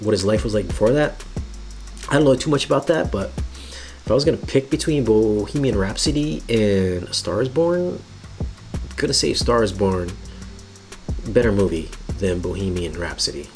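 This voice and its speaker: Casual, opinionated man with a lowish voice. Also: expressive, normal speed, pauses often, a little mellow, faint music behind. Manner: casual, opinionated, rambling with restarts. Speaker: film and home theater reviewer. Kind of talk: casual live-stream recap.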